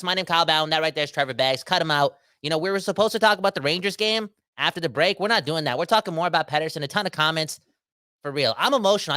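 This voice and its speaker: A young Canadian man co-hosting a sports podcast, talking in an animated, emphatic way and often calling people "man". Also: a little high, dry recording, clean studio sound. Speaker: podcast co-host. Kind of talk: excited sports podcast chat.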